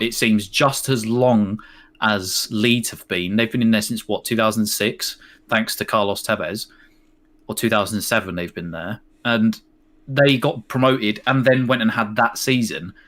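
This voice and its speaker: Animated man ranting on a stream. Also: lowish voice. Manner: animated, argumentative, mocking rants. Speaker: co-host of a football watch-along. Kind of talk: casual live stream chat.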